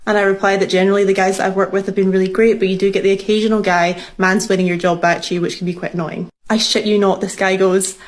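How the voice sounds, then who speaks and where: A woman's voice: medium pitch, level tone, fast, few pauses. A woman engineer telling a dating story to camera, emphatic and exasperated, with some swearing.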